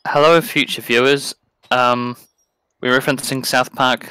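A British man chats along as a guest in a casual gaming session, his humour dry and deadpan. His voice sounds bright and sits at a middle pitch. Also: unhurried, smooth, poor audio. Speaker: guest co-player. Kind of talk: casual chat while playing a game.

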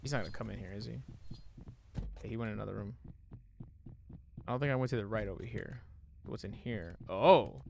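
A young man streaming a horror game demo, swearing and reacting, shifting between low muttering and sudden yelling. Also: fairly quick, gravelly, long pauses, noisy background. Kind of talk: live gaming commentary.

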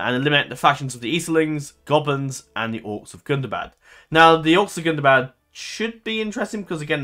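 A man of middle pitch gives loose, conversational commentary while he plays a strategy game. He rambles and stumbles, often correcting himself with an um or uh. Quiet music plays faintly behind his voice. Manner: rambling, full of ums and self-corrections. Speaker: gaming channel host.

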